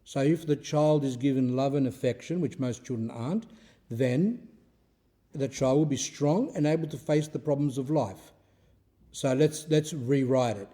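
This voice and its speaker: A man's voice: medium pitch, moderate pace, warm tone. A man who is an Orthodox priest, giving an informal spiritual talk in a conversational, storytelling way, with rhetorical questions and phrases he often repeats.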